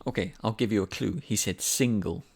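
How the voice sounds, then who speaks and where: A male English teacher with a fairly low voice and a gravelly, creaky edge. He explains grammar patiently and chattily, repeating each example so learners can follow. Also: a little fast, a little mellow. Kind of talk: language lesson.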